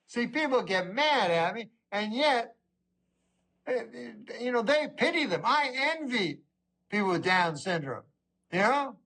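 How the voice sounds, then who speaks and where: A middle-aged man doing a stand-up comedy routine, rambling with a deadpan delivery. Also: extremely high pitch, a little slow.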